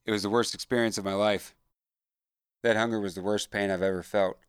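A man reads a haunted young soldier who speaks quietly and in a subdued way. His voice sits low and soft. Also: fairly even intonation, fairly quick, smooth, dry recording, clean studio sound, lightly acted. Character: weak, haunted young soldier recovering in hospital.

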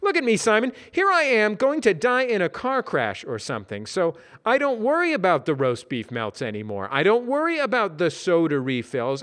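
A man puts on a heavyset office buddy with a raised, lively voice. He is amiable and casual, a little loud, and full of folksy advice. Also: high voice, voice pushed up. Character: chatty, easygoing heavyset male coworker.

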